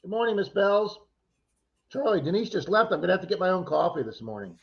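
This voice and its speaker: A man's voice: sits high, lively intonation, fast, gravelly, dull audio. A man co-hosting a casual livestream, chatty and teasing as he reads out viewer names. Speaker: livestream co-host.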